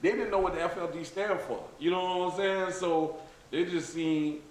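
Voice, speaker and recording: A man's voice: sits high, normal speed, background noise. A man co-hosting a podcast, reminiscing casually and often saying "you know what I'm saying". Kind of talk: casual chat. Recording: echoey room, crowd chatter.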